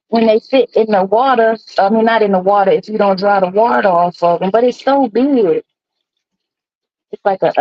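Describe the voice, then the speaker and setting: A woman hosts a live stream of casual morning chat, rambling along with folksy asides. Her voice is mid-range with no room sound, and the stream audio is dry and slightly dull.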